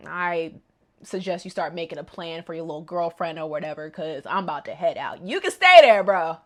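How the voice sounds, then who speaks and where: A woman's voice: fairly low pitch, lively intonation, fairly quick, voice pushed down, lightly acted. A woman voicing an arrogant, powerful father who taunts his son condescendingly. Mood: mocking.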